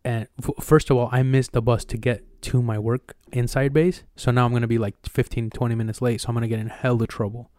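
A young man co-hosting a podcast, telling a long personal story in casual, profane, animated chat. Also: mid-range voice, brisk, few pauses, dry recording, studio quality. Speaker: podcast co-host.

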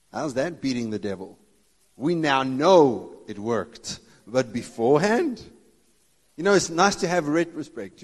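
A man preaching a sermon as a pastor, joking and laughing often and acting out Bible dialogue in different voices. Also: on the high side. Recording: long reverb of a large hall.

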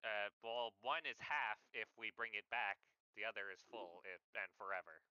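Male player, low-ish, piercingly bright and smooth, dry and dull-sounding mic. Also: normal speed, no echo. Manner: calls his character by name in third person. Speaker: tabletop game player. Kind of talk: casual tabletop play.

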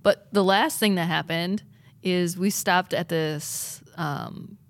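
A woman's voice: fairly low pitch, steady tone, takes it slowly, no echo. A woman as a podcast guest, chatty and laughing as she tells her side of a trip. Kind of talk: casual podcast chat.

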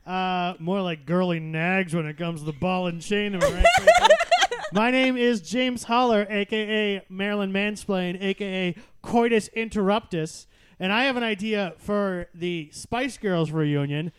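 A man's voice: high voice, a little slow, clear, resonant tone. A man co-hosting a comedy podcast, cracking puns and laughing at his own jokes. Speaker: podcast co-host.

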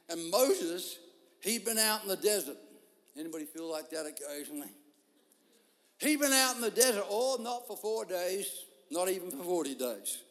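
A man preaching a sermon, telling a story in an animated way and acting out the voices of people in it. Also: high voice, normal speed. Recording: long hall reverb.

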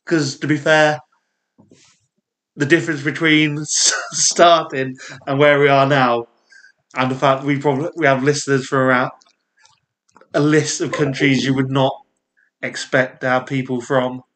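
A man with a Yorkshire accent chatting on a casual podcast in a voice of middling pitch. He rambles cheerfully through asides and laughs often. He is recorded on a podcast mic. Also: flat delivery, unhurried, long pauses, fairly bright tone. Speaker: podcast co-host.

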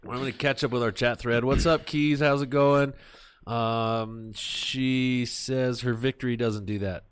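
A man hosting a podcast, chatting casually and telling animated, profane stories. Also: mid-range voice, a little slow, clean tone. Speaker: podcast host. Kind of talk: casual chat.

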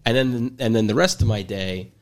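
Speaking at a normal pace in a fairly low voice, this man in his twenties spins a rambling story for a podcast chat, full of fillers and false starts. His humor comes through dry and playful.

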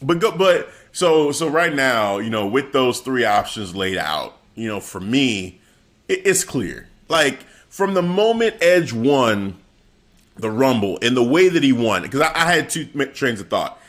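A man's voice: medium pitch, measured pace. A man in casual chat, recapping a wrestling show with laughs and acted-out quotes. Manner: animated, laughing, acting out quotes. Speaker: wrestling podcast co-host.

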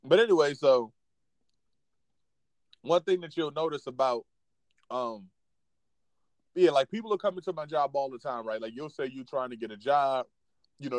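A man's voice: medium pitch, animated, normal speed, long pauses, no echo. Blunt, profane man co-hosting a talk show. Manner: blunt, profane, keeps it real. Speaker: podcast co-host. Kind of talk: casual chat.

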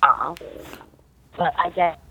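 A woman's voice: fairly low pitch, fairly even intonation, slow, breathy edge. A woman with an Australian accent, a polite and somewhat hesitant guest in a casual chat. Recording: tinny phone-like line.

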